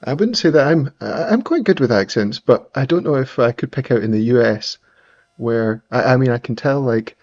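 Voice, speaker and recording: A man from Scotland with a mild accent and a mid-range, darkish, expressive voice talks at normal speed while hosting a live stream and setting up music gear. He chats casually and rambles, often restarting his sentences, and the audio has its highs cut off.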